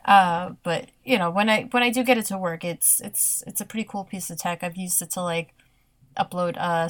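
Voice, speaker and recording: Soft-spoken hesitant woman chatting. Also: lowish voice. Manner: hesitant, many fillers, laughs between words. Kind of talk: casual podcast chat.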